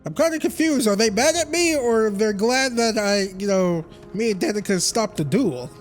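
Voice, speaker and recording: A man's voice: high-pitched, animated, moderate pace, soft background music. A man giving casual, joking commentary while playing, often sounding confused. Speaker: gameplay streamer.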